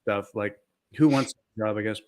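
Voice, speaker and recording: A man's voice: lowish voice, moderate pace, darkish tone. Male co-host; loose, hesitant, filler-heavy delivery. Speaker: podcast co-host. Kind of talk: casual podcast chat.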